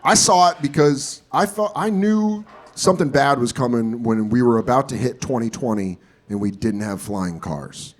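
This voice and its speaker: A man doing a stand-up comedy set on a club stage, telling profane stories with loud, exaggerated bursts of character voices. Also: mid-range voice, moderate pace.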